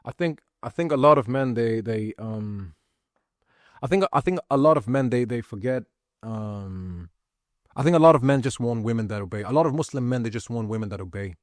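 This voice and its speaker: A man with a low voice delivers a heated, profanity-laced monologue to camera. He talks forcefully and rants. The sound is dry, with no room echo. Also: animated, moderate pace. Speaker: vlogger.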